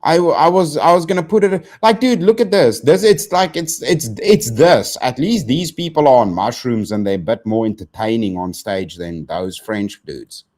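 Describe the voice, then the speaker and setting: A man's voice: mid-range voice, animated, moderate pace, hardly any pauses, darkish tone. A young man ranting on a live stream, profane and exasperated, saying bro and dude constantly.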